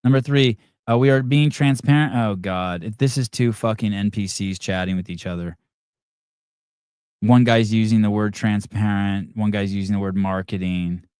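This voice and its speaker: A man's voice: on the low side, steady tone, normal speed, a little mellow, clear, resonant tone, dry recording, clean studio sound. A man hosting a podcast in casual talk, reacting to viewer comments in a blunt, profane and rambling way. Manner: rambling, self-interrupting delivery. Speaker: podcast host.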